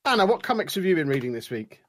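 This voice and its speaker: A man's voice: on the high side, very animated, fast, no echo. A man co-hosting a podcast, making dry, sardonic quips in casual chat. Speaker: podcast co-host.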